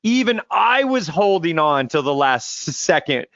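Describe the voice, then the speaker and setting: A man's voice: on the high side, big pitch swings, unhurried, a bit bright, dry recording, lo-fi sound. A man co-hosting a podcast, speaking in earnest, emphatic bursts. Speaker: podcast co-host. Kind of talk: casual chat.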